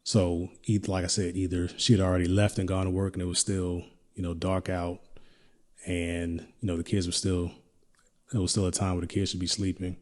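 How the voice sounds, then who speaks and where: A middle-aged man hosting a podcast, telling a personal story in a reflective, halting way with many restarts. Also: low-pitched, flat delivery, a little mellow. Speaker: podcast host.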